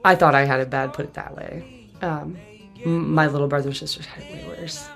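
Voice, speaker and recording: A woman in her forties tells her own life story as a podcast host. Her voice is gravelly, with plenty of vocal fry. She talks bluntly and with swearing, often laughing through painful memories. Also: low-pitched, steady tone, fairly quick, music in the background. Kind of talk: candid personal storytelling.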